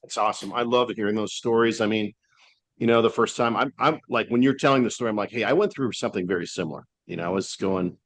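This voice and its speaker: A man's voice: lowish voice, quick pace, no echo. Man hosting a casual podcast. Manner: friendly, filler-heavy questioning. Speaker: podcast host. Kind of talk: casual interview.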